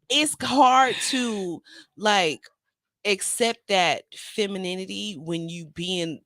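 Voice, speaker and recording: A woman's voice: mid-range voice, no echo. A middle-aged woman hosting an open mic show, chatting casually and animatedly with her viewers and her guest. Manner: animated, drawling, talks straight to viewers. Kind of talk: casual chat.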